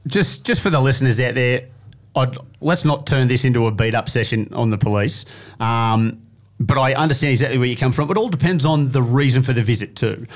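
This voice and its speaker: A man's voice: mid-range voice, a little fast. A man, chatting as a guest. He tells his stories with energy and acts out the people he quotes along the way. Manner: animated storyteller, acts out quoted voices. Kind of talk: casual chat.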